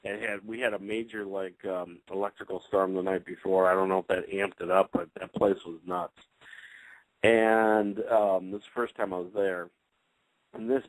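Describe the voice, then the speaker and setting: Low-voiced man telling a rambling story. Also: dry recording, low-quality recording. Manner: rambling, with many fillers and restarts. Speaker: paranormal investigator on a talk show. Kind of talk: casual anecdote telling.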